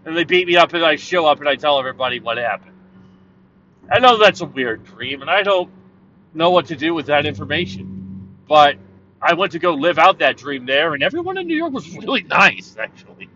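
Loud, lively Canadian man ranting in a car. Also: fairly high pitch, fairly quick. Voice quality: loud, profane, rambling. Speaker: vlogger. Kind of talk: rambling casual monologue. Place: driving in a car. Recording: dull lo-fi sound, car noise.

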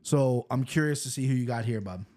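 A man hosting a fight-betting show, talking in a rambling, profane, animated way. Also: medium pitch, fairly quick. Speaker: host of a fight-picks show. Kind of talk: casual betting chat.

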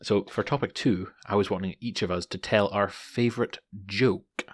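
A man's voice: fairly low pitch, fairly even intonation, moderate pace. A man co-hosting a casual podcast, telling jokes in a dry, wry way. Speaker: podcast co-host.

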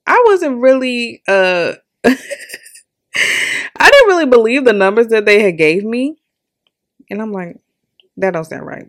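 Young female podcaster, storytelling monologue, candid, animated, lots of laughs. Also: fairly low pitch. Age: young adult. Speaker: podcast host. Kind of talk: personal storytelling.

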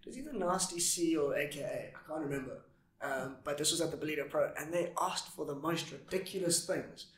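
A man's voice: a little high, brisk, fairly bright tone. A man chatting casually on a podcast, laid back and full of fillers. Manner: laid-back, lots of fillers, says "yo" and "dude". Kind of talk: casual chat. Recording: roomy echo.

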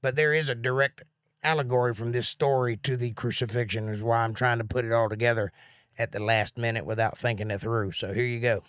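A man teaching a live Bible study at an average pitch, his voice close and dry with no room echo. He rambles excitedly as he thinks aloud and sounds a little out of breath. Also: fairly quick, clear, resonant tone.

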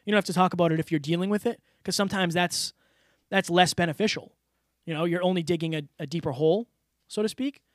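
A man's voice: high voice, fast, no echo, clean studio sound. A man talking openly and earnestly as a podcast guest, with lots of "like" and "you know" fillers. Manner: earnest, open, filler-heavy. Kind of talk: casual interview talk.

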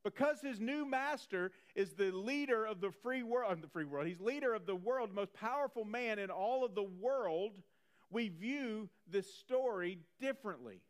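A man preaching a sermon in a conversational way, animated and repeating phrases for emphasis. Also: high voice, moderate pace. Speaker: pastor.

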